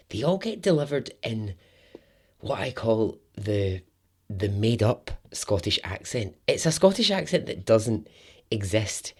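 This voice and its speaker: A man's voice: medium pitch, darkish tone. A man hosting a storytelling podcast, chatty and jokey with sarcastic asides.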